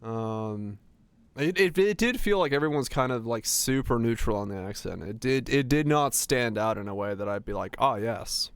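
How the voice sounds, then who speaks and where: A man's voice: mid-range voice, lively intonation, normal speed, clean tone, no room sound. Man rambling casually on stream. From Finland. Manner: rambling, many restarts and fillers, chuckling. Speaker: game streamer. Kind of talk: casual chat while streaming, answering chat.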